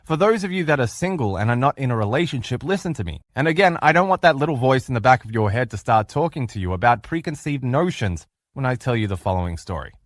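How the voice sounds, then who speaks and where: A man giving a motivational lecture as a relationship coach, telling stories with emphatic, lively delivery. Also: medium pitch, quick pace, few pauses, no echo, studio quality. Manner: emphatic animated storyteller.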